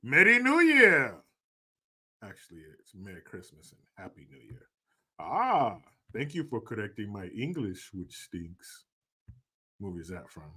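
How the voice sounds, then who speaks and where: A man's voice: on the low side, huge pitch swings, a little slow, sharp tone, slightly rough. A man hosting a livestream, joking crudely, laughing often and reading out viewer donations in casual commentary. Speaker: livestream host.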